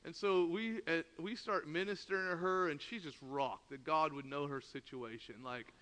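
A man with a fairly high voice preaches a sermon at a moderate pace, telling an animated story full of laughter and acting out the dialogue. The recording carries a long hall reverb.

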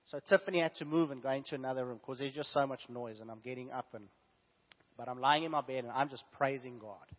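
A pastor with a fever and sore throat preaches a sermon fast in a husky, medium-pitched voice. He drops to hushed asides, then rises to loud, emphatic exclamations. The dull, lo-fi recording carries a long church hall echo.

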